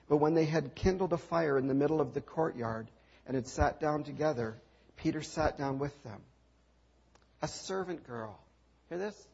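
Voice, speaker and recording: A man preaching a sermon in a slightly high, gravelly voice with a husky edge. He retells the story dramatically, leaning on rhetorical questions and repeated refrains. The recording sounds dull and lo-fi. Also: darkish tone.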